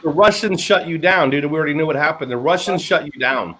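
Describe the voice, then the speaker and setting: A man's voice: fairly high pitch, fast. A man hosting a casual chat, laid-back and joking. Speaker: podcast host. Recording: faint background noise.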